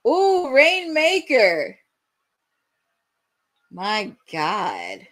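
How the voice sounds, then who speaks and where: A young woman hosting a live wrestling watch-along, giving excitable play-by-play commentary that bursts into shouts at big moments. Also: fairly high pitch, drawn-out words.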